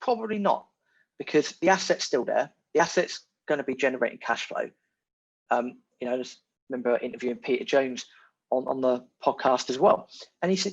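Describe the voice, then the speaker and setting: A man, a podcast guest talking in a casual, animated and emphatic way, repeating his key words. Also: mid-range voice, fairly quick, slightly rough. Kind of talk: casual conversation. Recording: muffled lo-fi audio.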